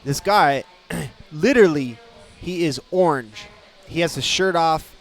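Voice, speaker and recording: A man, a guest in a radio studio, telling a story in casual chat and acting out the people in it with lively energy. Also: on the high side, slow, faint music behind. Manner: animated, acts out quotes.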